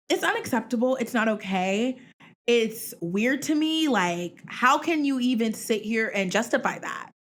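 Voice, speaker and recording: A young woman hosting her own show, giving opinionated, animated commentary full of slang and asides while filming alone at home. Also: a little high. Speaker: podcast host. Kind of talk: casual solo commentary.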